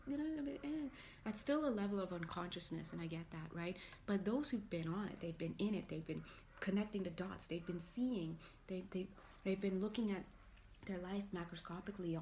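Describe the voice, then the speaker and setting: A woman's voice: fairly low pitch, a little mellow, a little hiss or hum. A woman giving a casual spiritual tarot reading, rambling and chatty, with playful asides and acted-out quotes. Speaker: tarot reader.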